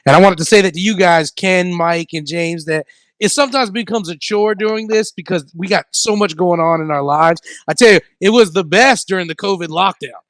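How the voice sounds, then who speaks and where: High-voiced laughing radio host man. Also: moderate pace, dry recording. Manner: laughing, animated storyteller. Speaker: radio comedy show host. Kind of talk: casual comedy radio chat.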